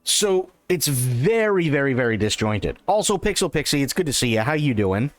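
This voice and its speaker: Animated man streaming, lively pitch. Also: normal speed, faint music behind. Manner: animated, repeats himself, stammers on restarts. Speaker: livestream host reacting to an interview. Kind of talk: casual reaction commentary.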